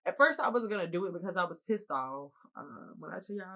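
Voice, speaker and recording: A woman in her twenties telling viewers a college story in an animated, emphatic, slangy storytime monologue. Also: lowish voice, fairly quick, few pauses, low-quality recording.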